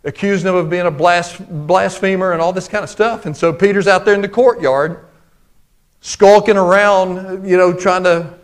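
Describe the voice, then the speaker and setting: High-voiced preacher, folksy and dramatic. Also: male voice. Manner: folksy, conversational preaching with lots of y'all and man; swings from loud and emphatic to hushed and low. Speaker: pastor. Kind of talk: sermon.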